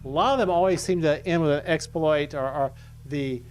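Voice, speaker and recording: A man narrating as game master of a fantasy tabletop game, relaxed and often laughing. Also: a little high, moderate pace, slight background noise.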